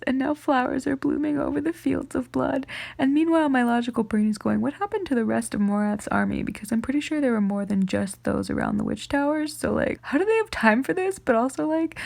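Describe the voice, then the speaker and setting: Young woman, very gravelly, husky, chatty and emotional, bedroom vlog. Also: high voice, fairly quick. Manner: emotional, gushing, filler-heavy chatter. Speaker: book vlogger. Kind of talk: casual reading vlog.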